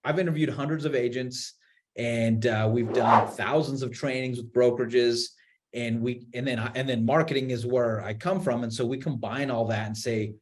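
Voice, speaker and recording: A man on a video call webinar, explaining real estate marketing in an animated way, with many restarts and repeated words. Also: medium pitch, moderate pace. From Utah. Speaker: marketing executive guest.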